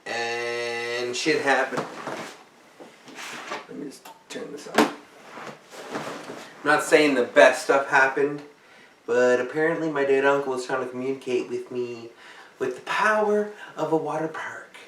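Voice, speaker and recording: A tired man rambles slowly through a casual vlog, cursing and cracking jokes as he goes. His voice sits back from the mic and echoes around the room. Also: medium pitch, a bit bright, a little hiss or hum. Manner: rambling, profane and jokey. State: tired, yawning. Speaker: vlogger. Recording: roomy, mic far off.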